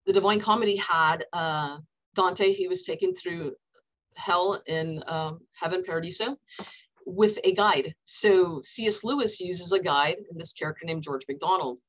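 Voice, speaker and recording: A woman's voice: on the low side, normal speed, rough recording. A woman counselor leading a casual book discussion over a video call, retelling scenes by acting out the characters' quoted dialogue.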